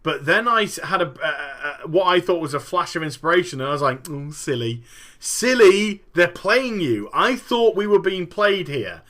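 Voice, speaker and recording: A man talking about games in a lively, rambling rant, swearing freely as he spins out his theories. His voice is bright and forceful, and his pitch swings widely as he builds each point. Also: fairly quick, few pauses. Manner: animated, swearing, vivid storytelling. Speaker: gaming podcast host. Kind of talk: animated solo commentary.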